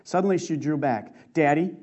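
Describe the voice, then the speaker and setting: A man preaching a sermon, reading a testimony aloud in an earnest, emotive way with slow dramatic stresses. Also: a little high, lively intonation, a little mellow. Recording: muffled lo-fi recording.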